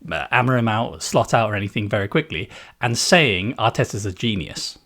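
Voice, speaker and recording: A man's voice: lowish voice, brisk, a bit bright. A man co-hosting a podcast in casual chat, making dry self-mocking jokes with hesitant fillers. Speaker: podcast co-host.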